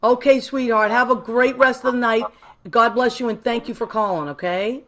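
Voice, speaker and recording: A woman's voice: a little high, moderate pace, fairly bright tone. A woman from Massachusetts hosting a live call-in show, chatty, effusive and affectionate, rambling a little as she goes. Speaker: host.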